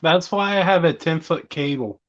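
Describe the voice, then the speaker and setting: A man joining a late-night live stream chat, speaking slowly and in a laid-back way. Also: a little high, fairly bright tone, highs cut off. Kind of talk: casual chat.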